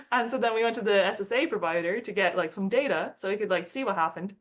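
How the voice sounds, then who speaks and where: A young woman with a mid-pitched voice talks casually about her work. She tells the story in a chatty, loose way. She slips into playful put-on voices to quote people and often breaks into short laughs. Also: very fast, hardly any pauses. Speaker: astronomer giving a talk.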